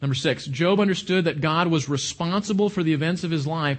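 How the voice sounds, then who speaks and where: A man preaching a sermon to a congregation, animated, often repeating and restarting his words. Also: fairly high pitch, fairly quick, few pauses. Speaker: pastor.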